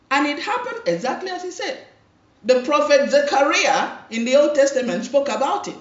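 A woman's voice: high-pitched, big pitch swings, normal speed. A woman pastor preaching a sermon, emphatic and full of repeated phrases and calls for amen. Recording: roomy, distant, dull lo-fi hall recording.

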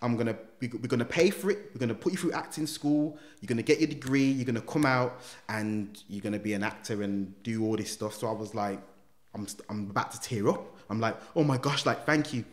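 Animated man telling a story. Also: mid-range voice, a little fast, roomy sound. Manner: animated storyteller who acts out quoted dialogue, street slang. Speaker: guest, former gang member turned motivational speaker. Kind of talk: casual storytelling interview.

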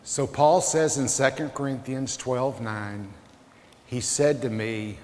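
A man preaching a sermon as pastor, swinging from loud outbursts to hushed, low phrases. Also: fairly even intonation, slow pace, a little hiss or hum. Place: large church sanctuary. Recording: echoey church hall with long reverb.

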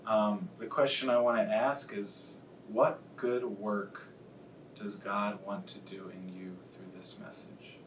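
A man with a lowish voice preaches earnestly as a pastor, leaning on key words by slowing right down. He sounds a little distant from the microphone in a reverberant room. A faint rumble runs underneath. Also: little pitch movement. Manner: earnest, confessional, slows to stress key words. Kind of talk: sermon.

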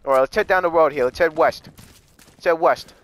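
A man's voice: a little high, brisk, heavy background noise. A man chatting casually with friends while playing a game, swearing a lot and laughing often. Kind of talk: casual gaming chat.

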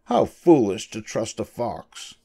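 An older man reading aloud and voicing a small, fussy male mouse dentist in a high, clipped, firm voice. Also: big pitch swings, slow, gravelly, mellow, slightly rough, heavily acted. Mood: stern.

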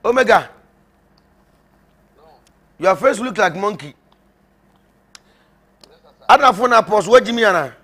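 A man's voice: high-pitched, animated, unhurried, long pauses, fairly bright tone. A man preaching informally to viewers as a prophet, mocking and emphatic, often breaking into laughter and repeating himself. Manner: repetitive, rambling.

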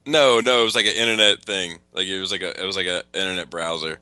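A man hosts a casual podcast, joking around and leaning on fillers. His voice sits fairly low but has a very bright, sharp edge. The sound is close and dry. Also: fairly even intonation, smooth, dry recording. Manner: jokey, quick to laugh, filler-heavy. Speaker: podcast host.

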